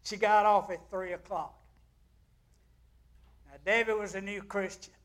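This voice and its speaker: Slow, high-voiced preacher. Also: male voice, fairly even intonation. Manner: dramatic storytelling with big swings in loudness. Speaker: pastor. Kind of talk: sermon.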